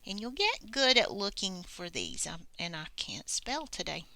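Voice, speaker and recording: A woman teaching a grammar lesson at an unhurried, careful pace, reading each example with deliberate pauses. Her voice has a bright edge and a gravelly fry, recorded close and dry. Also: mid-range voice, sing-song, no room sound. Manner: slow, deliberate, reads examples aloud with pauses.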